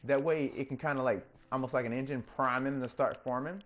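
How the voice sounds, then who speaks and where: A man hosting his own gaming channel, chatting casually through his gameplay and getting openly excited when things work. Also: brisk. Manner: coaxes the game character in a higher, playful voice.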